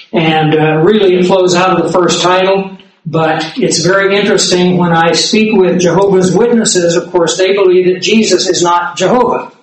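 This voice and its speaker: High-voiced preacher in an echoey hall. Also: male voice. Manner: measured, emphatic Bible exposition with fillers. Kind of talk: sermon teaching.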